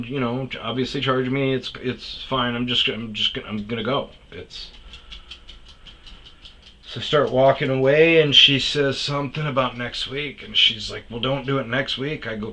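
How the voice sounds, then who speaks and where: Heated man ranting with bright edge. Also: on the low side, poor audio. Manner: swears often, restarts sentences, gets heated. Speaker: podcast host. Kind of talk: profane storytelling rant.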